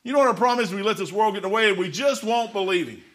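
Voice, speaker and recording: A man preaching a folksy sermon, swinging between loud proclamations and quiet, confiding asides. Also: sits high, racing.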